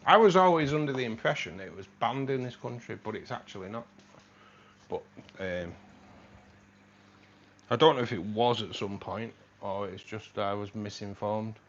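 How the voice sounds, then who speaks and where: A man's voice: fairly low pitch, animated, moderate pace, long pauses, highs cut off. Chatty man on a livestream. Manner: chatty, calls viewers mate, reads out chat. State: voice tiring. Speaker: livestream host. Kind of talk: casual livestream chat. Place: home room.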